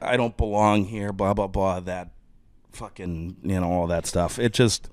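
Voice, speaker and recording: A man's voice: low voice, fairly even intonation, measured pace, no room sound. Candid, swearing drummer man, dry studio. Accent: Texan. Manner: candid, profane, rambling with restarts. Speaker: podcast guest, drummer. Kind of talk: casual conversation.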